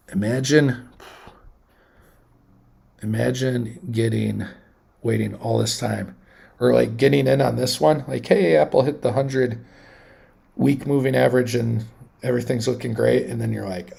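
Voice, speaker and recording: A man in his thirties hosting a casual livestream, talking in a rambling, animated way with many restarts. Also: mid-range voice, vocal fry, slightly rough. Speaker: livestream host.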